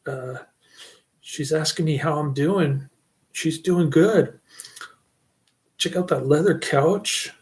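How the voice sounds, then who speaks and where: A man's voice: on the high side, a little mellow. A middle-aged man giving a casual, rambling channel update, often breaking into chuckles. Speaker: channel host.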